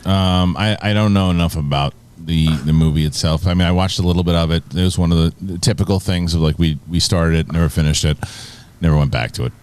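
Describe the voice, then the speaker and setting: A man's voice: low-pitched, quick pace, clean tone. A young adult man hosting a casual panel chat, telling stories with playful mimicry. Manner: animated storyteller, playful mimicry. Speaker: host.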